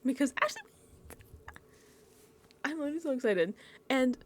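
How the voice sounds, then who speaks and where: A woman of medium pitch speaks at a moderate pace with long pauses while hosting a casual reality TV recap. Into a desk mic, she animatedly acts out her reactions and quotes, with no room sound.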